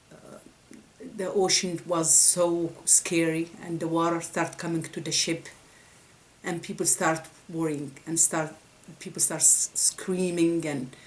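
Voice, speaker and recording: A woman giving a faith talk with a story, halting and restarting often. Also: sits low, a little hiss or hum, rough recording. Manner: halting, with many restarts and repeated words. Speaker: religious speaker.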